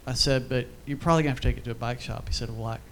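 Racing through his words in a mid-range, fairly bright voice with fairly even intonation, a man delivers an informal church teaching as conversational storytelling with fillers and asides. He chokes up briefly. A little hiss or hum is audible.

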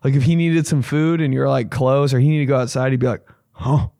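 Young male comic host, fry in the voice, dry studio sound, swears a lot and acts out the bits. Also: fairly even intonation, fast talker, warm tone, dry recording. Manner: profane, rambling, acts out voices with big pitch jumps. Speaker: comedian podcast host. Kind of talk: casual comedic storytelling.

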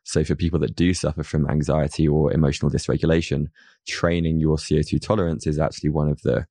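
Male host with an extremely deep, dark voice, calm and measured, recorded dry. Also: no echo. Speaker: podcast host. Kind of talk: interview conversation.

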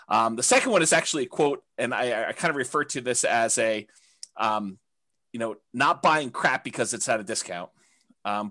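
A man teaching a real estate investing class, talking candidly in a halting way with many restarts and fillers. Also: mid-range voice, fairly bright tone.

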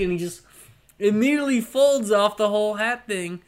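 A man co-hosting a laid-back podcast chat, joking and laughing as he goes. His voice sits a little high for a man. He talks in a loose, easy way. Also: moderate pace, clear, resonant tone. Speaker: podcast co-host. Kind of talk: casual chat.

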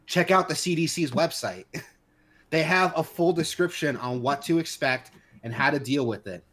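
A man's voice: a little high, normal speed, fairly bright tone. A man co-hosting a podcast, ranting heatedly in casual chat with many restarts and fillers. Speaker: podcast co-host.

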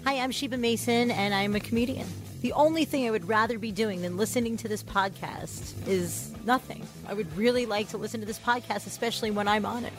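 Woman, comedian guest, slightly high voice, deadpan and wry. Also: fairly quick, hardly any pauses, loud music behind the voice. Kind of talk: casual comic chat.

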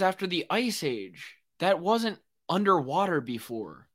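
Young male podcast host, slightly high voice with lots of swing, excitable ranter who swears freely. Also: unhurried, few pauses. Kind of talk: solo rambling podcast monologue.

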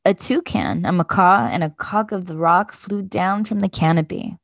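A woman podcast host reading a children's picture book aloud in a gentle, measured way. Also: lowish voice, gravelly, no room sound.

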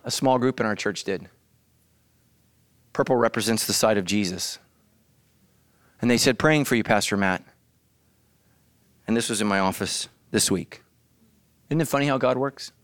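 A man preaching a sermon as the pastor, animated and bursting into loud shouts. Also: mid-range voice, moderate pace, pauses often, dry recording. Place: church.

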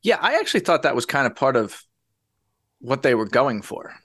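A man's voice: mid-range voice, sing-song, normal speed, a bit bright, no echo. A man co-hosting a podcast in casual banter, with dry, wry humor. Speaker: podcast co-host.

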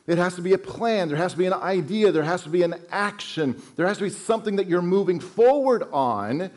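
A man in middle age delivering a Sunday sermon. His voice sits a little high for a man, and he presses hard on the words he wants to land, drawing them out slowly. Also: expressive, a little mellow. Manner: earnest, emphatic preaching with slow stressed phrases. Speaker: pastor.

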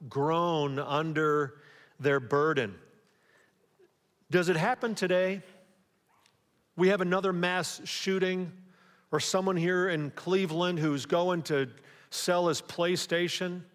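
A man preaching a sermon as pastor, in a conversational way, often pausing to ask the congregation rhetorical questions. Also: a little high, fairly bright tone. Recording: long hall reverb.

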